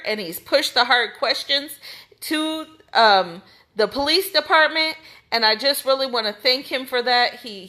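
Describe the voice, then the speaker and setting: A woman's voice: fairly high pitch, sharp tone. An American woman with a Midwestern accent, speaking out for a missing person's family in an impassioned, indignant rant straight to the camera, repeating her points with emphasis.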